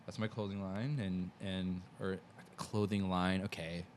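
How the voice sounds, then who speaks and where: A man talking as a podcast guest in a rambling, relaxed way, swearing now and then. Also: deep voice, measured pace, slight background noise. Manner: rambling, loose, swears casually. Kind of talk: casual chat.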